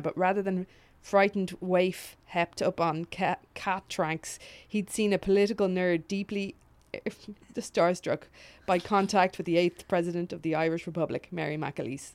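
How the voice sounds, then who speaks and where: A woman's voice: fairly low pitch, fairly even intonation, normal speed, few pauses, smooth. A woman reading a funny story aloud on a podcast, often laughing, stopping to comment and swearing freely. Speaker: podcast co-host.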